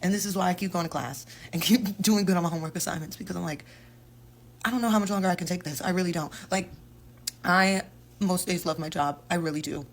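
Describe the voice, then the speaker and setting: Woman, quick blunt vlog rant, profanity everywhere, fast delivery. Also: on the low side. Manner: blunt, heavy swearing. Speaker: exotic dancer.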